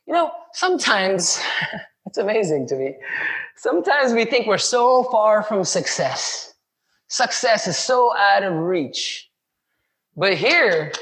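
A man's voice: high-pitched, very animated, takes it slowly, fairly bright tone, low-quality recording. A man preaching a sermon, talking in a chatty way, acting out the voices of people in the story and putting questions to his listeners. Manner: conversational, acts out quoted voices, asks the congregation questions.

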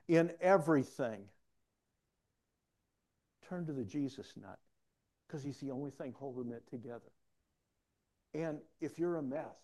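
Preaching in a medium-pitched voice, a middle-aged man shares personal stories, his delivery shifting between quiet asides and loud outbursts.

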